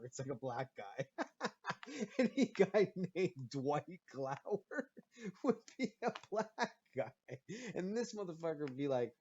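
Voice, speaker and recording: Man, podcast host, foul-mouthed storytelling rant, slightly raised pitch, muffled low-fi sound. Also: takes it slowly, pauses often, slight background noise. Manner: profane, animated storytelling. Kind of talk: profane comedic rant. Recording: muffled lo-fi recording.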